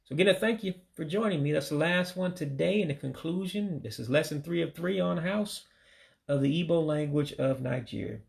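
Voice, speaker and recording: Male from the US, gravelly voice, runs a casual vocab lesson, slow patient repetition of each word. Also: fairly high pitch. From United States. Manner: religious sign-offs. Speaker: language learner teaching vocabulary.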